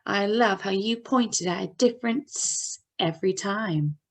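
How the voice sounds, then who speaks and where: A woman teacher with a Canadian accent, giving a slow, clear phonics lesson to young children and drawing out the letter sounds. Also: mid-range voice.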